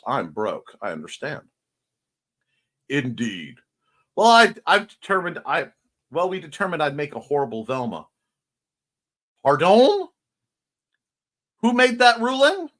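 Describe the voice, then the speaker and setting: A man's voice: a little high, a bit bright. A man hosting a casual livestream morning show, chatting playfully as he reads out and answers viewer comments. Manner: chatty and playful, jumping between topics.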